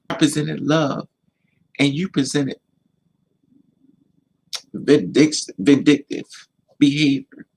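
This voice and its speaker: A man's voice: a little high, vocal fry, a little mellow, breathy edge, poor audio. A man giving emphatic, repetitive life advice in a casual monologue to camera, sounding like a vlogger.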